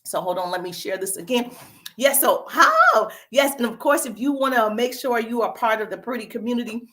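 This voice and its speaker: A woman's voice: on the high side, fast talker. A woman with a Southern US accent hosts a casual livestream as a social media business coach, upbeat and greeting viewers by name, with a cough drop in her mouth.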